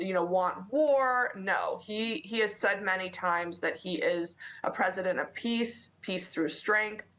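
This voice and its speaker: A woman with a lowish voice answers interview questions. She is articulate and steady. The sound is dull and lo-fi. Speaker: interview guest.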